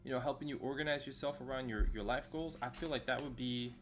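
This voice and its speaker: A fast-talking man with a medium-pitched voice chats casually during a game stream. He rambles loosely with lots of fillers and slang, and faint background music is audible.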